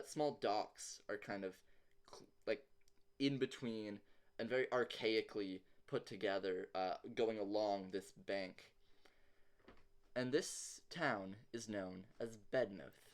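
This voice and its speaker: A man running an online tabletop game as game master, laid-back and rambling, with frequent chuckles. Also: on the low side.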